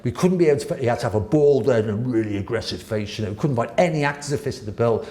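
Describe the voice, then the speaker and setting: A man, a guest telling lively, laughing stories with the odd swear word in a casual interview. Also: mid-range voice, very fast. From Wirral, England. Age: 60s. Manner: animated, laughing, swearing raconteur. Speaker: guest artist. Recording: roomy echo.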